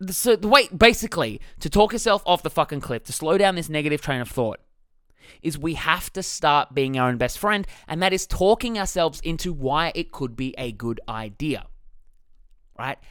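A man's voice: fairly high pitch, fairly bright tone, no room sound, clean studio sound. A man talking as a life coach in a motivational self-help talk, blunt and jokey, swearing freely.

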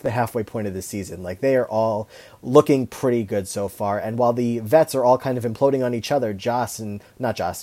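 A man co-hosting a podcast, chatting casually about a reality show with lots of fillers and restarts. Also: medium pitch. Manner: relaxed, rambling with many fillers. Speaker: podcast co-host.

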